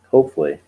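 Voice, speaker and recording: A man co-hosting a casual live-stream chat, joking and self-deprecating and chuckling often. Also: phone-quality sound. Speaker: co-host.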